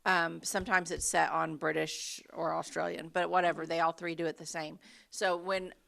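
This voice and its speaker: A woman co-hosts a relaxed podcast, easygoing and quick with agreeing murmurs. Her somewhat low voice is bright with plenty of gravelly fry. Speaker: podcast co-host. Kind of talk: casual chat.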